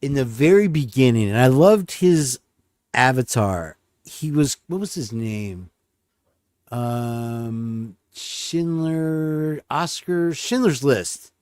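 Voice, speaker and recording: A man's voice: mid-range voice, lively intonation, takes it slowly, a little mellow, dry recording, studio quality. A man hosting a livestream in casual chat, rambling and joking about himself. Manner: rambling, joking, self-deprecating. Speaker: stream host.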